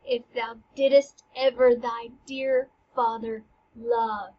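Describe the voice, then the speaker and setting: The ghost of a murdered king, grave and set on revenge, as a woman reads him aloud speaking verse in slow, solemn measures. The voice sits high and a little husky. The recording is dull and lo-fi. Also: little pitch movement.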